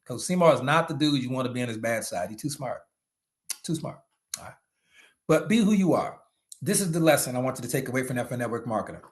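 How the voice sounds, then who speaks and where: Animated, fired-up male motivational speaker. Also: mid-range voice, fast. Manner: animated and preachy, with slangy asides and sudden shouts. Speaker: leadership trainer for network marketers. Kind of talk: motivational talk.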